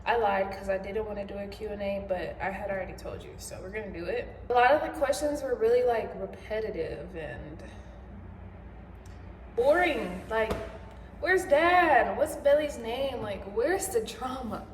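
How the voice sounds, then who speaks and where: A woman's voice: mid-range voice, animated, moderate pace, darkish tone, echoey room, slight background noise. A young pregnant woman chatting casually while she cooks in her home kitchen, rambling and laughing often. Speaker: vlogger.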